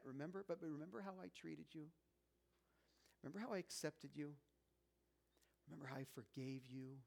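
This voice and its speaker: A man's voice: on the high side, close to an everyday voice. Jesus, a preacher voicing an earnest teacher coaxing his disciples. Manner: conversational, coaxing, repeats "remember". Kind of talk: sermon retelling.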